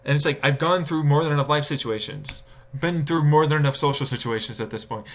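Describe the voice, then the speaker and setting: A man live-streaming a casual rant, swearing and exasperated, mocking others with sudden high-pitched outbursts. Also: fairly quick.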